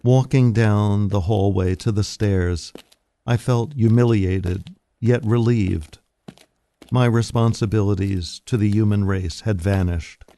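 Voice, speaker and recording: A man reading a short story aloud in a slow, deliberate, wry manner, recorded at a studio microphone. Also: fairly low pitch, mellow. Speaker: reader. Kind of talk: scripted narration of short fiction.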